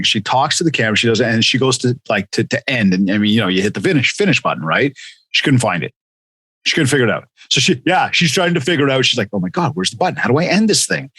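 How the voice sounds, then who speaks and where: Man, podcast host, casual interview chat, animated storyteller, mid pitch, dry close sound. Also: slightly rough, no echo. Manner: animated storyteller, acts out quotes.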